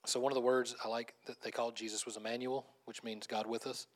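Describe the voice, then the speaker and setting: A male pastor preaches a conversational sermon, animated and laughing often, restarting phrases as he goes. He speaks quickly in a mid-range voice.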